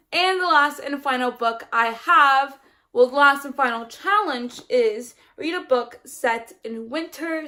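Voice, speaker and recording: A woman's voice: a little high, a bit bright. A young woman talking casually as a book vlogger, chatty and rambling with many ums and restarts. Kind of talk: casual vlog chat.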